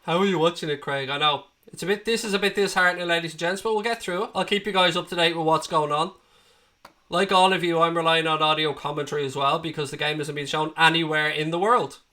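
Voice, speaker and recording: A man's voice: on the high side, quick pace, sharp tone. A man in his late thirties from Dublin with an Irish accent, hosting a live football watchalong and chatting bluntly to his viewers, swearing freely and sounding a bit under the weather with a cold. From Ireland. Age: 30s. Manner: blunt and sweary, talks straight to chat. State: has a cold. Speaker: livestream host.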